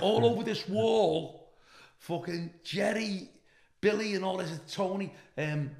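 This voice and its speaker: A man's voice: sits high, normal speed, creaky. A middle-aged man from the UK, a comedian guest telling a profane anecdote and acting out the people in it. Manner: animated, acts out the people in his stories.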